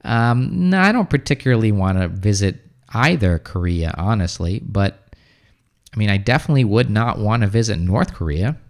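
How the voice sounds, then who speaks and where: A young American man hosting a casual livestream, reading viewer comments aloud and answering them in a relaxed way, with lots of fillers and restarts. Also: fairly low pitch, normal speed. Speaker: livestream host, English teacher.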